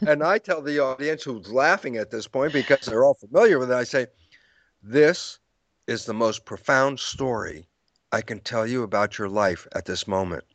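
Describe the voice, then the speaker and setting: Animated storytelling older man, dry sound. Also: medium pitch, moderate pace, dry recording, muffled recording. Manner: animated, quotes his own lectures, laughs often. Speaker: interview guest, lecturer. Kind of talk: storytelling explanation in conversation.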